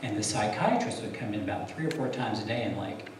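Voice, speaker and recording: A man's voice: fairly low pitch, expressive, fast talker, slight background noise. A man telling his own story in a casual, wry way. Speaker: speaker sharing his testimony. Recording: echoey room, distant mic.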